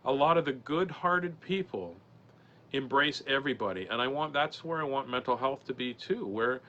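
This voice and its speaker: A man in his forties, a comedian guest on a podcast, telling a personal story in an earnest, halting way with many restarts. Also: mid-range voice, lively intonation, pushed and bright. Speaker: podcast guest, comedian and mental health speaker. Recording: dull lo-fi sound with faint noise.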